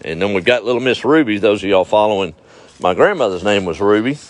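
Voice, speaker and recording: A man's voice: lowish voice, animated, fast talker. A middle-aged man, hosting a casual outdoor livestream and reading viewer comments in a folksy, drawling way with frequent chuckles. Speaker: livestream host. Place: outdoors at dusk. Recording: faint outdoor noise with passing vehicles.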